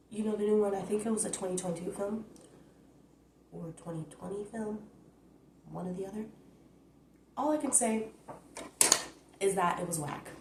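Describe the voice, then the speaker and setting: A woman's voice: mid-range voice, roomy sound, noisy background. Blunt, rambling woman vlogger. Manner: blunt, profane, rambling, animated. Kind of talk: casual rant recap. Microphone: phone.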